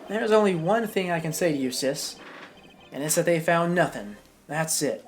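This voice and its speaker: A curt, cool agent from a courtroom game, as a woman reads him, brushing things off in flat, blunt statements. Her voice stays in its usual low middle range. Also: normal speed, soft background music.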